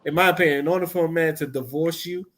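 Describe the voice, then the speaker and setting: A podcast host with a voice that sits a little high for a man. He rambles through blunt, profane opinions and restarts his sentences often, talking in a loose, casual chat. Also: steady tone, quick pace, over a noisy crowd, poor audio.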